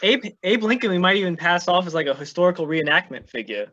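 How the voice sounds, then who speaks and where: A man's voice: high-pitched, lively intonation, quick pace, pushed and bright, muffled recording. A man playing a tabletop game, chatting casually in an easygoing, joking way. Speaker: player.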